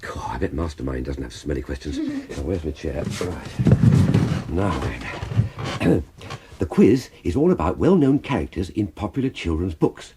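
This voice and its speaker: A man's voice: deep voice, sing-song, unhurried, dark tone. A man presenting a children's radio show in a jolly, theatrical way, on a hissy old cassette tape. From England. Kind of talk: scripted children's radio chat.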